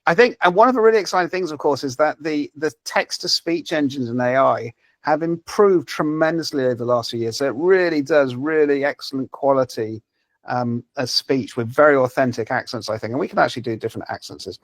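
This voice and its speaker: A man's voice: medium pitch, fairly quick, no room sound. A man presenting a language-learning app in a live webinar, talking over a video call with many fillers and restarts. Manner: hesitant, many fillers and repeated words.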